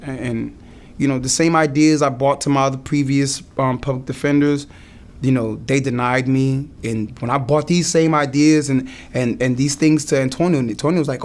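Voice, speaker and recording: A young man earnestly recounting a hard experience in his own words, halting and restarting as he goes. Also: medium pitch, a little mellow. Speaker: client giving a testimonial. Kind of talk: emotional personal testimonial.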